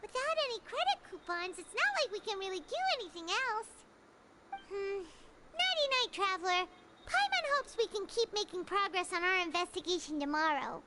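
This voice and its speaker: A woman's voice: extremely high pitch, animated, normal speed. A woman voicing a tiny, chirpy floating female fairy-like companion in a video game who talks about herself in the third person. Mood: sleepy. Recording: noisy game audio.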